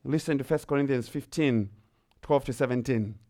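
A man preaching a sermon and reading scripture aloud, slow and emphatic, with rising and falling emphasis. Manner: slow, emphatic preaching with swells in pitch and loudness.

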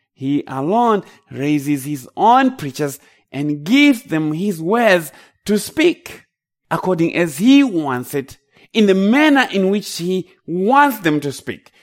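A man with a Zimbabwean accent, from Zimbabwe, preaching a sermon with emphatic, rising declarations. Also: fairly high pitch.

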